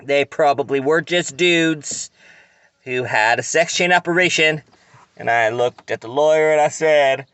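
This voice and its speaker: A man telling a crude, rambling comic story in a deadpan way. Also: on the high side, measured pace, clean tone, no room sound. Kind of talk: comic monologue.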